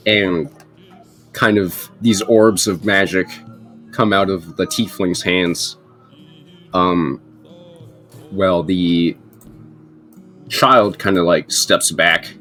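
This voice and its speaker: A man running a tabletop game who narrates in a low voice at an unhurried pace. He wanders through his descriptions with frequent ums and uhs. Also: soft background music. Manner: relaxed, hesitant, many fillers. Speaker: game master.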